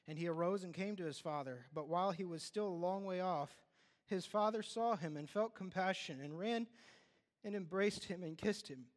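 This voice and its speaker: A man preaching a sermon, reading scripture aloud and then building to excited, exclaiming passages. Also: high-pitched, normal speed, in a large hall.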